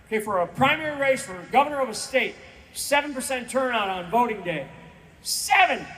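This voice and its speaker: A man's voice: very high-pitched, fairly bright tone. A man in his sixties giving an emphatic, repetitive rally speech from a stage, pleading with the crowd. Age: 60s. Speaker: guest speaker. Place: event stage.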